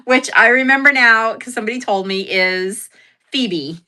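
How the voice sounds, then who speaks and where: Young adult woman livestream host, bright voice, giggly and rambling. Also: fairly high pitch, measured pace. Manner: giggly, self-deprecating, rambling with fillers. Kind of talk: casual livestream chat.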